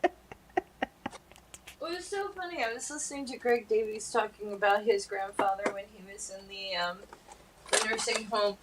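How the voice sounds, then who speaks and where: A woman's voice: mid-range voice, normal speed, long pauses, noisy background. A woman telling stories in a casual group chat over a video call. She acts out the people she quotes.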